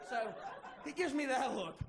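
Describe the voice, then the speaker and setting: Lively stand-up comic, roaring crowd. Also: male voice, very high-pitched, normal speed, creaky, raised voice, heavy background noise. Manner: animated, profane, playful. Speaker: stand-up comedian. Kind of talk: stand-up storytelling. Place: comedy stage before a live audience. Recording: live crowd laughter.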